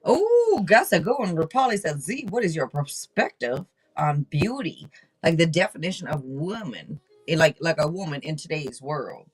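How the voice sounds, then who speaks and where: Excitable woman hosting a tarot stream. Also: sits low, moderate pace, breathy edge, poor audio. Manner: excitable, swears casually, rambling restarts. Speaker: tarot reader and live stream host. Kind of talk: casual live-stream chat.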